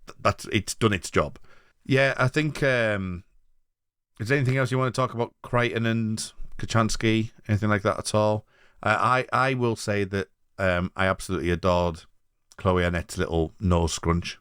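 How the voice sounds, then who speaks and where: A man's voice: fairly low pitch, fairly even intonation, moderate pace, fairly bright tone, clean tone, no echo, studio quality. A man hosting a podcast in casual chat, rambling and hedging as he restarts his thoughts. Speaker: podcast host.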